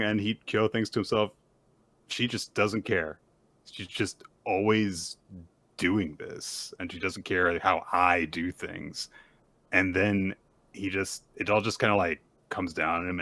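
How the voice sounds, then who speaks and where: Male co-host, lowish bright voice, animated storyteller, dry close sound. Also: a little slow, dry recording. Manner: animated retelling, jumps high when quoting characters. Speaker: podcast co-host. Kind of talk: casual recap chat.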